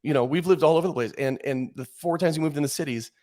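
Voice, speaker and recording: A man in his forties, a podcast guest telling rambling stories in casual chat, with frequent restarts. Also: on the high side. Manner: animated rambling storyteller, quick restarts.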